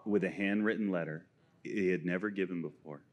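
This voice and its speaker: A man, a fellow minister, adding quick, earnest remarks in casual conversation. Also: deep voice. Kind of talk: casual chat.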